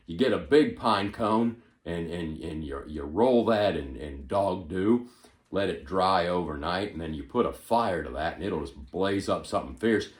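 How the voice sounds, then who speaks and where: A male comedian doing an impression of a rambling, forgetful elderly male politician, stumbling over repeated words with sudden loud bursts. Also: low voice, reverberant. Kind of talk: stand-up impression monologue.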